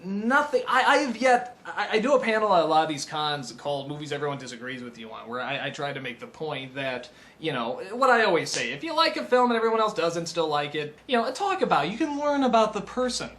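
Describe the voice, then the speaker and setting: A man reviewing films in an impassioned unscripted rant. He is excitable, stammers and restarts, and swings between shouted outbursts and low mutters. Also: fast, hardly any pauses. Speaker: film reviewer.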